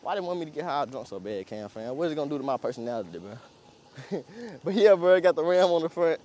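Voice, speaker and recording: A man's voice: fairly high pitch, very animated, fast, dark tone. Slangy young man rambling about a truck. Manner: slangy, rambling, laughs often. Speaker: car vlogger. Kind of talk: casual vlog walkaround.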